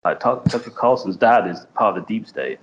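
Lower male co-host, rambling and hesitant, muffled lo-fi line with faint hiss. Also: animated, a little fast. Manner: rambling, hesitant, many fillers. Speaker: podcast co-host. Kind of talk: casual podcast chat.

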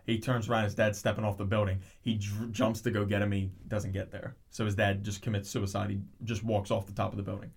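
A man's voice: fairly low pitch, fairly quick, hardly any pauses, breathy edge. A man in casual chat, animatedly retelling a show's plot with lots of restarts and tangents. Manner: rambling, animated storytelling with frequent restarts.

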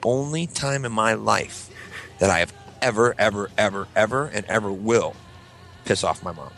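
Gravelly Midwestern man telling stories. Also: moderate pace, soft background music. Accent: American Midwest. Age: 30s. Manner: animated, swears freely, acts out voices in a shrill falsetto. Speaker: podcast co-host. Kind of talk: casual storytelling chat.

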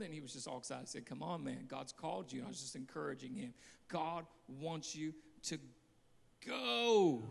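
A man, a guest pastor, preaching a sermon with passion, telling stories, repeating phrases and breaking into shouts. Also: fairly high pitch, long reverb tail.

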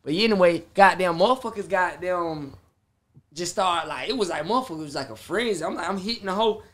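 High-voiced animated young man. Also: a little fast. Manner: animated storytelling, heavy profanity, acts out his own reactions. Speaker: performing artist guest. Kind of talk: casual interview chat.

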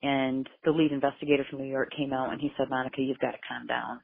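A woman's voice: rumbling low, level tone, fast talker, gravelly, husky, no room sound. Woman telling her story over a thin line. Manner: emotional, intense retelling with quoted dialogue. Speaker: mother of a missing person. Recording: phone-like narrow sound.

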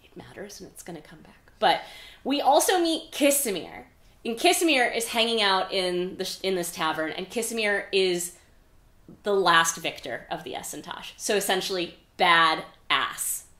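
A woman's voice: mid-range voice, expressive, moderate pace, pushed and bright. A woman hosting a podcast, recapping a book in a chatty, casual way with frequent "like" and some swearing. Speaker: podcast host. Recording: echoey room.

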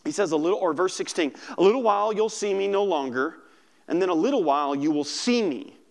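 Lively conversational male pastor preaching. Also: high voice, fairly quick, gravelly. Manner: animated, conversational, often asks "right?"; acts out scripture voices, shifts between loud emphasis and soft quiet passages. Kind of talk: sermon.

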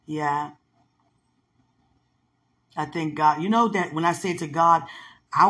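A woman's voice: sits low, slightly rough. A middle-aged woman in casual, affectionate chat, rambling through loose stories.

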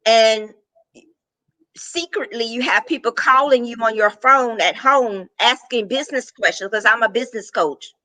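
A woman's voice: on the high side, normal speed, bright, forceful tone, no echo, poor audio. A middle-aged woman, a business coach, talking animatedly in a casual interview, laughing often and repeating words.

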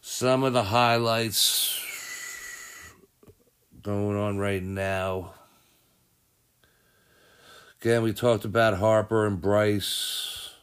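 A man's voice: on the low side, steady tone, very slow, pauses often, fairly bright tone, smooth. A man hosting a casual sports podcast, rambling and thinking aloud as he goes through results and news, often correcting himself. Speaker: podcast host.

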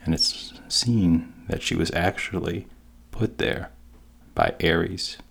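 A man retells a story casually, pausing as he goes. His voice is extremely deep and slow, with a gravelly, husky texture. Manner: unhurried, halting with pauses.

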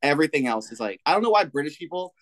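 A man's voice: a little high, sing-song, very fast, fairly bright tone, dry recording, rough recording. Male podcast co-host: casual, emphatic, swears freely, dry close sound. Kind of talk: casual chat.

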